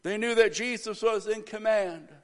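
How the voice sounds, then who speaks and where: A man pastoring a church service, praying and preaching a sermon that builds to loud, emphatic stretches. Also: high voice, normal speed. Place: church sanctuary. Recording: reverberant church hall.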